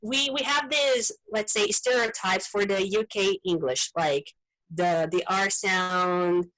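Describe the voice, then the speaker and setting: A Brazilian woman who speaks Portuguese as her first language chats casually in English during an online group meeting. Her voice is medium-pitched and slow, the audio is poor, and she's animated, often repeating words while searching for the right one.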